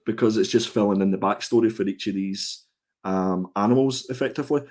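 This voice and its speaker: A man's voice: lowish voice, brisk, darkish tone. A man co-hosting a casual comic review show, thoughtful and hesitant, often restarting his sentences. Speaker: co-host.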